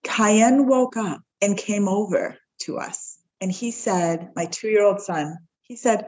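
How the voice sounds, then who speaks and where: A woman's voice: mid-range voice, slow pace, a little mellow, breathy edge, low-quality recording. A woman guest on a podcast, telling a heartfelt personal story and acting out the voices of the people in it. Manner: heartfelt, acts out the quoted voices.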